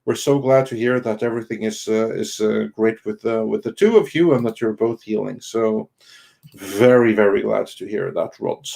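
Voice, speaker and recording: A man co-hosting a casual live stream, reading viewer messages aloud in a halting way with many ums and restarts. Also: lowish voice, fairly even intonation, vocal fry, mellow. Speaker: co-host of an online entertainment news show.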